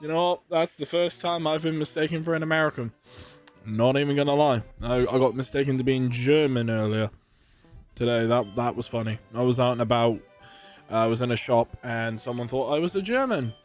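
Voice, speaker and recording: British man swearing casually. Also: mid-range voice. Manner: joking, swears often, laughs at himself. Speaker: game streamer. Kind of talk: casual live-stream chat with viewers.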